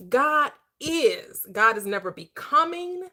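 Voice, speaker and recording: Slow, bright-voiced woman host. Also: sits high, big pitch swings. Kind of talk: spiritual discussion group chat.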